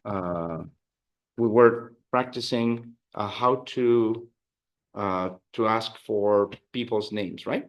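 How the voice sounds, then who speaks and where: A man's voice: on the low side, slow pace, lo-fi sound. A man teaching a Spanish class, explaining grammar and leading drills, with many fillers and restarts. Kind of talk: classroom language lesson.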